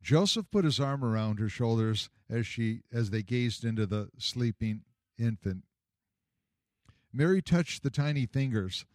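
A man's voice: mid-range voice, no echo, clean studio sound. Male storyteller reading a Bible story. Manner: measured, expressive reading. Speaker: narrator. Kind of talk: storybook narration.

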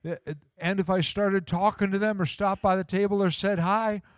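A man's voice: sits high, steady tone, moderate pace, smooth, no room sound, clean studio sound. A man preaching a sermon in a folksy, conversational way, full of rhetorical questions. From small-town Midwest US.

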